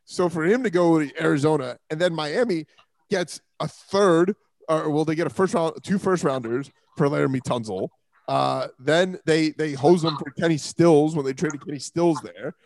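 A man's voice: on the high side, moderate pace, vocal fry, darkish tone, no echo. A man hosting a casual sports talk show, joking and laughing often.

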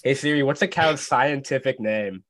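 A man's voice: medium pitch, normal speed, fairly bright tone, dry recording. Brief: playful male player cracking jokes at the game table. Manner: joking, playful. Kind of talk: casual chat.

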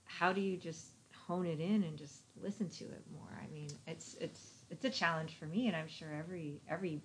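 A woman host asks a musing question in a low voice, a bit removed from the mic. Faint noise sits under her speech. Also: brisk, poor audio. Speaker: podcast host. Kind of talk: casual interview chat.

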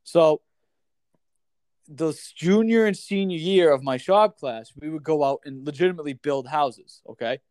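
A man's voice: a little high, normal speed, no room sound. A man with a voice a little above the usual range tells a long story in loose, casual chat. He swears freely and keeps dropping "like" and "dude" as he goes. The sound is close and dry, with no room around it. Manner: animated, swears freely, heavy use of "like" and "dude".

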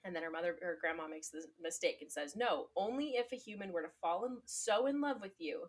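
A woman's voice: lowish voice, brisk. A young woman co-hosting a podcast, casually retelling a story with lots of "like" and fillers and frequent laughter. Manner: laughs often. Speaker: podcast co-host. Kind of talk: casual chat.

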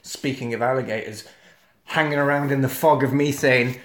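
A man recapping a film on a comedy podcast, animated and sweary, breaking into shouted voices of the characters. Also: mid-range voice, normal speed, echoey room.

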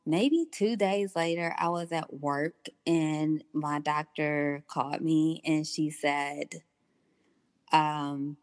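A woman's voice: low voice, fairly even intonation, dry recording. A woman guest in her thirties telling her personal story candidly, acting out the dialogue she recalls. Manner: candid, unhurried, acts out quoted dialogue.

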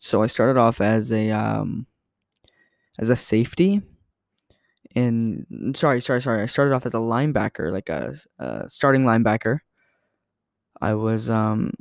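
Young dude rambling thru stories, like, tons of fillers, dry close sound. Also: male voice, medium pitch, darkish tone, no room sound. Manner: rambling, filler-heavy, self-correcting. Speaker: podcast host. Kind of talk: casual storytelling monologue.

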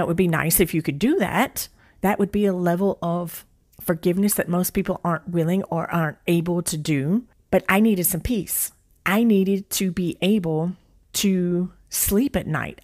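A woman's voice: fairly low pitch, a little mellow. Blunt, emphatic woman giving a pep talk. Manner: blunt, emphatic, repeats key phrases, casual swearing. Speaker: motivational speaker and author. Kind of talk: motivational talk to an audience.

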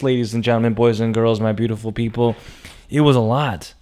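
A young man telling a personal story dramatically, swinging between hushed lines and emphatic, profane outbursts. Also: medium pitch, steady tone, fairly quick, smooth.

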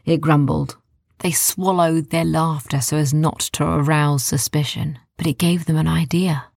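Storyteller, woman, low and gravelly; soft hushed reading, dry close mic. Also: fairly even intonation, measured pace, dry recording. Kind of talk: bedtime story narration.

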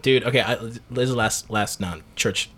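A man hosting a podcast from South Carolina, chatting casually with friends, animated and laughing often. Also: lowish voice, normal speed, a little hiss or hum. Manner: animated, laughing, slips into playful quoted voices. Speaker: podcast host.

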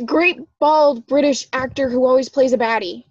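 Teasing woman with a higher voice. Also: moderate pace, dry recording, highs cut off. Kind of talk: casual chat.

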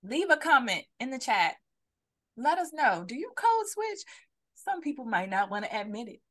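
A woman's voice: sits high, sing-song, normal speed, sharp tone. A woman co-hosting a live podcast, talking bluntly and animatedly and putting questions to her listeners over a video call. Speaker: podcast co-host. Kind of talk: casual chat on a live stream.

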